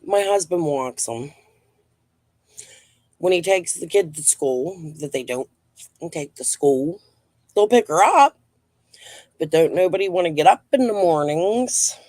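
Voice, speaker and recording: A woman's voice: on the low side, lively intonation, measured pace, pauses often, a little mellow, dry recording. A woman hosting a live stream from her home, chatting casually in a rambling, blunt and profane way.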